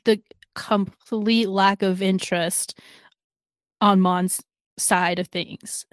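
A woman's voice: medium pitch, steady tone, slow pace, no room sound. Chatty woman co-host, dry mic. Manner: chatty, laughs often, acts out characters' lines. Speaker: podcast co-host recapping a drama. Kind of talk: casual chat.

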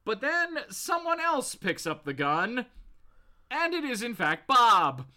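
A woman's voice: on the high side, takes it slowly. A woman co-hosting a casual comedy podcast, retelling a comic book with lots of laughter and playful voices. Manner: animated storytelling with voices and laughter.

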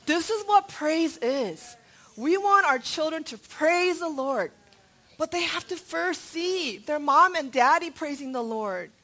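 A woman's voice: sits high, animated, takes it slowly, a bit bright. A woman in her thirties preaching a sermon, telling stories with animation and quizzing her congregation. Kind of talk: sermon to a church family.

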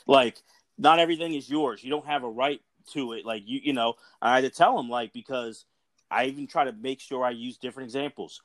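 A man's voice: medium pitch, fairly quick, no echo. A man explaining his view earnestly in a casual chat, walking through examples.

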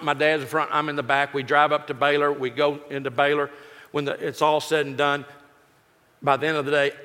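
Man in his sixties, folksy, joking, slightly high pitched, sermon storytelling, reverberant hall. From Texas. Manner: folksy, joking, lively delivery. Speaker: pastor.

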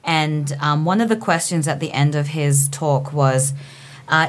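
A woman's voice: low-pitched, a little slow. A woman speaking on a panel, thinking aloud and searching for words as she goes. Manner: thoughtful, searching for words with fillers. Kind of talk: casual panel chat.

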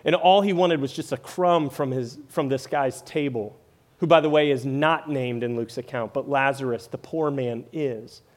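A man's voice: mid-range voice, normal speed. A man preaching a sermon in a conversational way, often tagging lines with "right?" and "like". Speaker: pastor.

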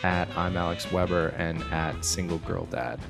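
A man's voice: low voice, completely flat delivery, normal speed, vocal fry, music in the background. A man in his thirties co-hosting a podcast, talking in a laid-back, rambling way with lots of fillers. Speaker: podcast co-host. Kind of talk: casual podcast chat.

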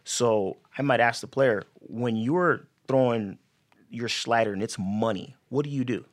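A man's voice: mid-range voice, unhurried. A man on a podcast explaining mental reframing for athletes, talking casually and acting out players' inner voices. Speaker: sports psychology guest.

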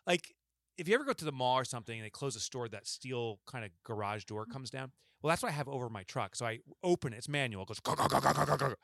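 In a dry, studio-quality recording, a male podcast co-host with a mid-range voice speaks fast. He narrates a long tale in casual conversation, animatedly voicing the quoted lines of its characters.

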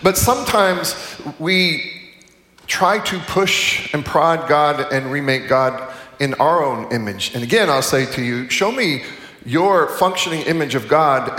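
A man's voice: medium pitch, moderate pace, fairly bright tone. A middle-aged man giving a chapel sermon in a conversational, self-correcting way with humorous asides. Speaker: chapel speaker. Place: large chapel hall. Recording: echoey hall, distant mic.

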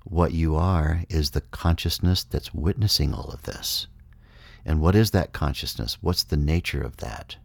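A man giving a measured, reflective spiritual talk, explaining ideas step by step. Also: rumbling low, gravelly, no room sound. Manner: measured, explanatory, acts out inner voices. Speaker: speaker on consciousness.

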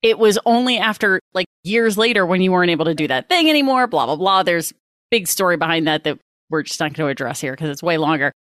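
A woman co-hosting a casual conversation who talks in a reflective way, thinking out loud. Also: on the low side, fast, no room sound, studio quality.

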